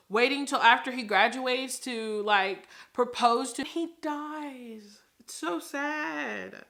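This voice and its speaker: A young woman chatting casually in a reading vlog, animated and laughing as she acts out her reactions. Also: high-pitched. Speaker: book vlogger.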